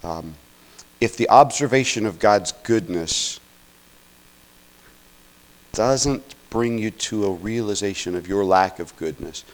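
A male pastor with a fairly low voice delivers a sermon in an earnest, teaching manner. He keeps checking in with his listeners, climbs to loud emphatic peaks and then drops back to quiet asides. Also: takes it slowly, pauses often, poor audio.

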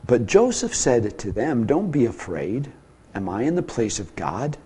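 A man preaching a sermon as pastor, with a dynamic delivery that swings from soft, low passages to emphatic, raised ones. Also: big pitch swings, a little slow, slightly rough.

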